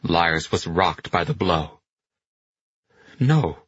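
Deep, husky man narrating slowly. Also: fairly bright tone, dry recording. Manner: measured, dramatic storytelling. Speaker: audiobook narrator. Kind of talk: scripted narration. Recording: slightly muffled dry recording.

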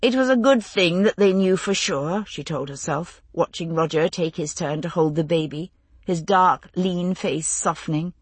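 A woman narrating an audiobook in an even, intimate storytelling manner. Her voice is lowish and husky. The recording is dry and close, with no room sound. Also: normal speed, dry recording. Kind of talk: scripted narration.

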